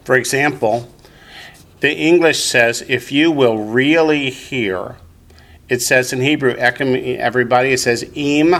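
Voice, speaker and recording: A man teaching a class, explaining slowly and deliberately and leading the group in repeating words. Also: medium pitch, fairly bright tone. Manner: slow, deliberate explanations, leads group repetition. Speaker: Hebrew teacher. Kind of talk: classroom lesson with call-and-response.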